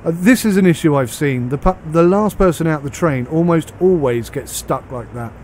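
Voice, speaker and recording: British man, casual game commentary, rambling, higher-pitched, faint background traffic noise. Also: moderate pace, a little mellow. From United Kingdom. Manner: chatty, rambling, thinking aloud. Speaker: game reviewer.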